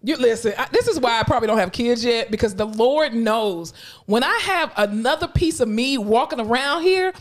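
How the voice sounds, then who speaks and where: A woman's voice: on the high side, lively intonation, moderate pace. A woman co-hosting a podcast in casual chat, brash and profane, laughing often. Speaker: podcast co-host.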